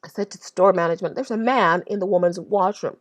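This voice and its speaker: A woman speaks to camera in an earnest, unpolished religious testimony. She stops and restarts often, doubling back over her own words as she tells her story. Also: on the low side. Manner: earnest, halting, with frequent restarts and repetition. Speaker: Christian vlogger.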